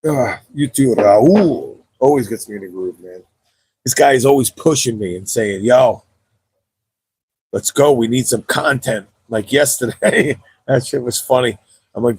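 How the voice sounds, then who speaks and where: Gravelly, mellow-voiced man streaming casually. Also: medium pitch, unhurried, pauses often, dry recording. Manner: profane, laid-back, rambling. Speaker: gaming livestreamer. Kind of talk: casual livestream chat. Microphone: cheap wireless mic.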